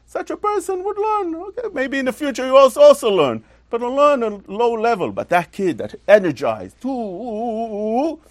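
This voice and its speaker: Animated, high-voiced man teaching Torah. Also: moderate pace, few pauses, dry recording, clean studio sound. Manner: animated and emphatic, with rhetorical questions and repetition. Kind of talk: religious lesson.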